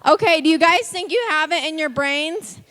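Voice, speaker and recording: High-voiced woman leading kids' church. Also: moderate pace, pushed and bright. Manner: upbeat, coaxing, calls out countdowns. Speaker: children's ministry leader. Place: children's church room.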